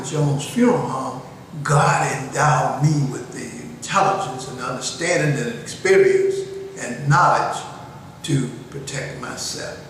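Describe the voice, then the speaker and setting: An older man lectures in a slow, deliberate, preaching cadence, his voice pitched a little high for a man. He is recorded from a distance inside a hard steel cell, so the sound rings with a long echo over a faint hiss. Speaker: show host. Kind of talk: slow moral lecture to young people. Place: jail cell, steel and concrete. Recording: echoey cell, far from the mic, faint hiss.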